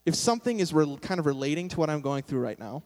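A man's voice: fairly high pitch, animated, quick pace, darkish tone. A young man preaching a sermon in a casual, self-deprecating way, with sudden emphatic bursts. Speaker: pastor. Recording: long hall reverb.

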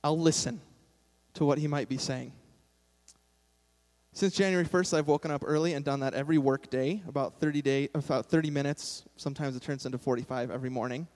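A man's voice: a little high, steady tone, fairly quick, a little mellow. A young man preaching a sermon in a casual, self-deprecating way, with sudden emphatic bursts. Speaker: pastor. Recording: long hall reverb.

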